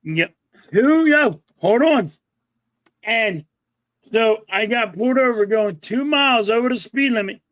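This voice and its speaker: A man's voice: very high voice, unhurried, dry recording. A middle-aged man with a Philadelphia accent, co-hosting a casual podcast chat, telling stories with acted-out quotes and swearing freely. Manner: animated storyteller, acts out quotes, swears. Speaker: podcast co-host.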